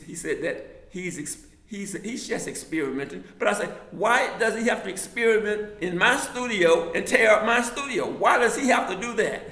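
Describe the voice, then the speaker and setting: A man who teaches drama telling a personal story, halting and repeating words as he goes. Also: fairly high pitch, creaky, a bit bright, echoey room. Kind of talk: anecdotal storytelling.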